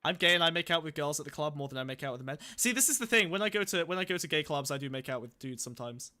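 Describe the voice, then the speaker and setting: Bright high-voiced guy rambling. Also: animated, very fast. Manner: rambling, profane, laughs through anecdotes. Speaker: podcast host. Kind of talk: casual chat.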